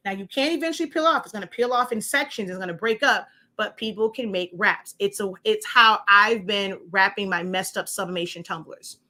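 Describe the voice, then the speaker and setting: A woman with a bright, forceful voice hosts a crafting show. She talks casually and rambles through her examples, restarting sentences as she goes. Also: mid-range voice, fairly quick, few pauses. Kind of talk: casual demonstration walkthrough.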